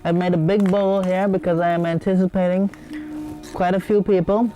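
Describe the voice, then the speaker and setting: A man's voice: high-pitched, flat delivery, normal speed, dark tone, faint music behind. A man hosting a comedic cooking show, rambling and digressing with many hesitations.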